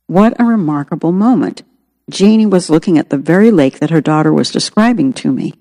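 A woman's voice: deep voice, animated, a little fast, warm tone, long reverb tail. A woman narrating her own memoir as an audiobook, in an earnest, reflective way.

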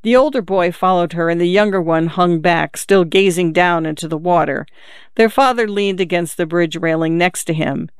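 A narrator reading a short story aloud in an even, measured way. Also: medium pitch, clean tone, no echo, clean studio sound. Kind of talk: audiobook narration.

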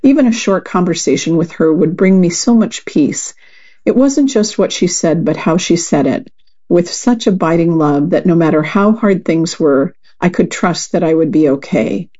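A woman volunteer reader reading a magazine article aloud in a calm, measured way. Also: on the low side, slightly rough, dull audio.

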